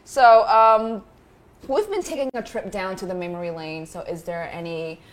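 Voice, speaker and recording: A woman's voice: medium pitch, moderate pace, slight background noise. A woman hosting a livestream interview, chatty and teasing with her guests. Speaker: livestream host. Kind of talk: casual interview.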